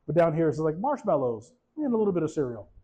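A man, a pastor, giving a casual, animated sermon, often repeating words and asking his listeners questions. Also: fairly high pitch, fast talker, husky, highs cut off. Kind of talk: conversational sermon.

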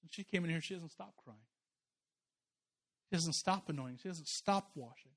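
A man's voice: a little high, normal speed, a bit bright. A man preaching a conversational sermon as a pastor, impassioned and emphatic, often restarting his sentences.

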